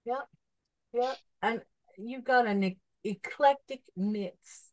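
A woman's voice: on the high side, slow pace, a little mellow, no echo, poor audio. A woman co-hosting a podcast in easygoing casual chat, laughing often and reading out listings. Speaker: podcast co-host.

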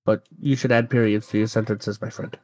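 A man's voice: lowish voice, level tone, fairly quick, darkish tone, dry recording. A man co-hosting a gaming podcast, reading a listener's email aloud with dry, teasing asides. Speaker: podcast co-host.

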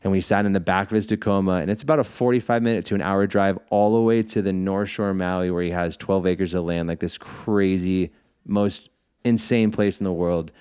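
A man's voice: low-pitched, steady tone, brisk, a little mellow, clear, resonant tone. A man guesting on a podcast, telling loose, profane stories in casual chat with lots of "like" fillers. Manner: loose storytelling, swears freely; frequent "like" fillers.

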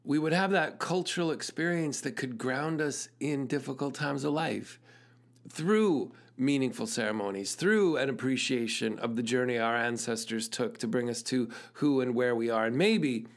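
A man's voice: mid-range voice, moderate pace. A man hosting his own show, telling a personal story in an earnest, thoughtful way and laughing at himself now and then. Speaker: podcast host and musician. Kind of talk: reflective storytelling monologue.

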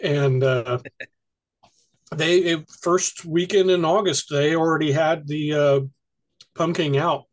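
A man's voice: a little high, fairly even intonation, takes it slowly, pauses often. A man co-hosting a podcast in casual chat, speaking hesitantly with many fillers and laughing easily. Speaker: podcast co-host.

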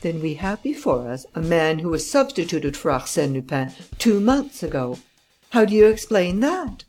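A woman's voice: fairly low pitch, very animated, normal speed, darkish tone, faint music behind. A woman voicing a stern, impatient male judge who fires off incredulous questions in a raised voice. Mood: exasperated.

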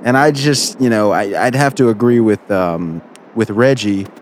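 Lowish guy hosting a call-in radio show, faint hum behind, keeps refereeing the callers. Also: moderate pace. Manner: mediating, easygoing, hesitant. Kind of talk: casual talk radio.

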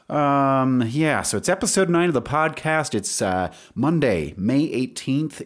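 On his solo podcast, a man with a fairly low voice talks casually, rambling and self-deprecating with lots of fillers. He sounds stressed and anxious.

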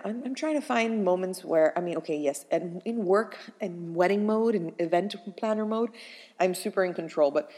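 Chatty young woman telling a story in a reverberant hall. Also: lowish voice. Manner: animated and chatty, full of fillers. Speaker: first-time mother telling her pregnancy story. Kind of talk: casual personal storytelling.

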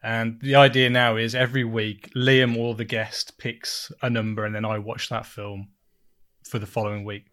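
A man's voice: mid-range voice, flat delivery, normal speed, a bit bright. A man chatting casually about films as a podcast host. He rambles and mocks himself, laughing between thoughts. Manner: rambling, self-mocking, laughs often. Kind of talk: casual chat.

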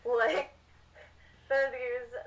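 A woman's voice: high-pitched, little pitch movement, very slow, distant mic, highs cut off. A woman co-hosting a casual book discussion, thoughtful and rambling, with lots of "like"s. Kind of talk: casual chat. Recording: voice a bit off-mic.

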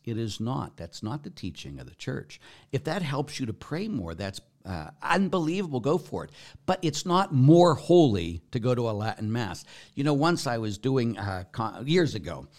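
Emphatic priest, loud then muttering. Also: male voice. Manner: emphatic, swings from loud exclamations to low muttered asides; blunt and joking. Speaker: Catholic priest answering viewer questions. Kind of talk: casual Q&A talk.

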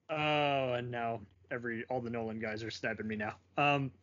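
A man's voice: medium pitch, fairly even intonation, moderate pace, a bit bright. A man hosting a casual movie chat, rambling with fillers and laughing often. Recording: muffled lo-fi recording.

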